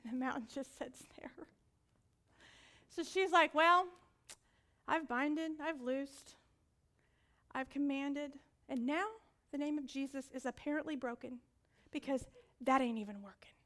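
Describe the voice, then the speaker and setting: A woman preaching a sermon, telling stories with acted-out voices and swinging from loud commands to whispered asides. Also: sits high, measured pace, pauses often.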